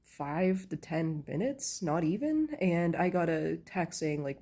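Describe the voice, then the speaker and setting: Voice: mid-range voice, lively intonation, a little slow, few pauses, dark tone. Tired, rambling storyteller just woken up. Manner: rambling, with many fillers like "like" and "you know". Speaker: storyteller sharing a personal story. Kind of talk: casual storytime monologue. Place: at home, in pajamas.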